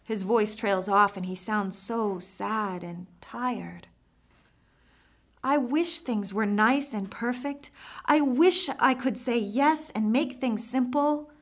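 Woman reading a first-person story out loud, earnest and thoughtful, expressive. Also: fairly high pitch. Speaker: narrator.

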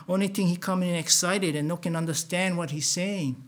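Man, Hawaiian Pidgin, first-person storytelling, earnest, slightly higher voice. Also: fairly even intonation, brisk, a bit bright.

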